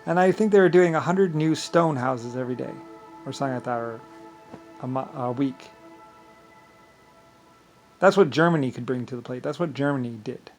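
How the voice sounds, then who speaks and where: A man's voice: mid-range voice, normal speed, long pauses, a little mellow, soft background music. A man vlogging in a rambling, profane monologue, full of grand claims and frequent laughter.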